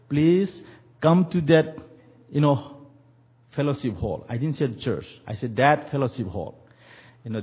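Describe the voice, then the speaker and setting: A man's voice: fairly high pitch, slightly rough, dull audio. A man preaching a sermon and telling a story, acting out the quoted voices with animation.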